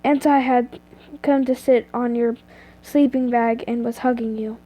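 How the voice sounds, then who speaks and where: A woman's voice: a little high, steady tone, unhurried, dark tone, slight background noise. A woman reading a fan story aloud, often stumbling and correcting herself. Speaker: reader of fan fiction.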